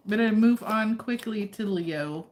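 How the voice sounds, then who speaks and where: A woman's voice: mid-range voice, a little slow, slight background noise. A woman giving a casual, chatty tarot reading, often breaking off to coax her dog over. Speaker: tarot reader.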